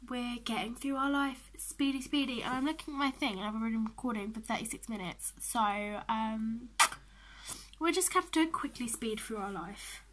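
A young woman giving chatty, excitable commentary while playing a life-sim game, often dropping into whispers. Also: a little high, normal speed, slight background noise. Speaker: gaming vlogger.

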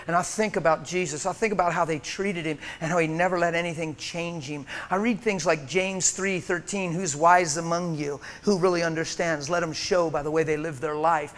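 High-voiced impassioned man preaching. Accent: American. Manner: impassioned, swinging from loud urging to hushed. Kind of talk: sermon. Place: church sanctuary.

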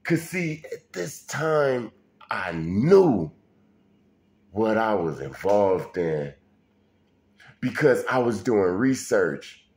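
A man's voice: fairly low pitch, big pitch swings, extremely slow, pauses often, a little mellow. A man telling a personal story in a casual, colloquial way, speaking straight to the listener and often restarting his sentences. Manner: colloquial, addresses listener directly, frequent restarts.

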